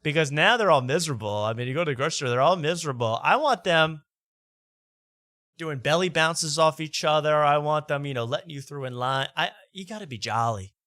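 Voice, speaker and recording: A man hosting a late-night comedy show, riffing in loud, rambling, jokey rants. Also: a little high, animated, brisk, no room sound, studio quality. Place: studio.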